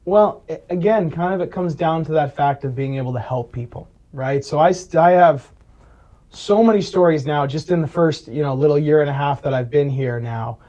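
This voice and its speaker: Storytelling man with a mellow voice. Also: a little high, normal speed, dull audio. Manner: storytelling, acts out quoted voices, frequent "right?". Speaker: Medicare advisor, interview guest. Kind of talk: conversational interview.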